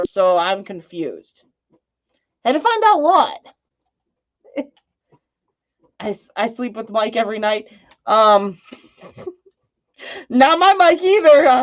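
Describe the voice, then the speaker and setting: A woman's voice: mid-range voice, muffled recording. A woman live-streaming, chatting casually with her viewers and rambling and laughing between thoughts. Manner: rambling, joking, laughs often. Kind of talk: casual live-stream chat reading comments.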